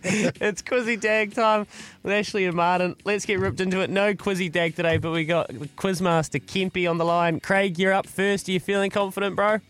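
A man hosting breakfast radio, energetic, teasing and laughing with callers. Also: high voice, normal speed, clean tone. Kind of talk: casual radio banter.

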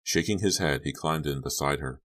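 Male audiobook narrator, very deep voice, measured and suspenseful. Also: a bit bright. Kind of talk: scripted horror audiobook narration.

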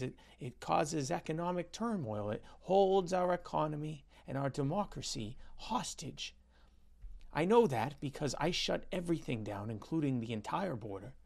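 A man doing a sarcastic, mocking impression of a male national leader, with a slow, drawn-out, whiny delivery. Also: mid-range voice, gravelly, a little mellow.

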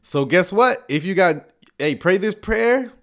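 A man's voice: high-pitched, lively intonation, unhurried, fairly bright tone, slight background noise. A man giving sarcastic reaction commentary on video clips, with chuckling asides.

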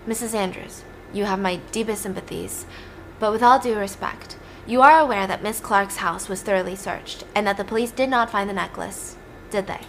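Woman doing a measured courtroom lawyer. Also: mid-range voice, a little hiss or hum, lightly acted, poor audio. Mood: formal. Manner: measured, formal. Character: polite, firm defense lawyer cross-examining.

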